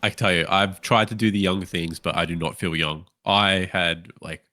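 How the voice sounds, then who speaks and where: Deep-voiced, bright-toned man in his thirties, deadpan co-host. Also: normal speed. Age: 30s. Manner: monotone, deadpan. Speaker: podcast co-host. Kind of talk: casual chat.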